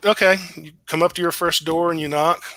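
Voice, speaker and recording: A man narrating as game master, relaxed and chuckling. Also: a little high, brisk, no room sound.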